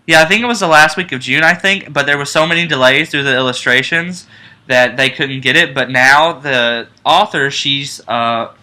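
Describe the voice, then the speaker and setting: A young man with a very bright, forceful voice chats casually on a fan podcast. He rambles with restarts and fillers, getting excited fast, and sits at an ordinary speaking pitch. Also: clear, resonant tone, low-quality recording. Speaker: co-host.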